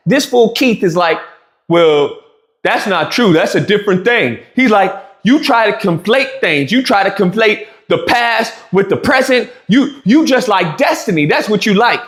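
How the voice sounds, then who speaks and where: A man with a high, lively voice tells a story in a casual rant, swinging all over his range as he acts out each quoted line. He stumbles and restarts often. The sound bounces around an echoey room. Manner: animated, acts out quoted lines, frequent restarts. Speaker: streamer telling a story.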